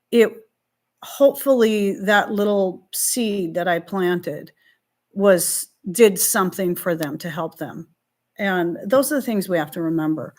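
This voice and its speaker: A middle-aged woman hosting a live stream, talking through viewer questions in a heartfelt, faith-filled way, rambling and restarting, fighting back tears. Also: medium pitch. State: emotional, near tears.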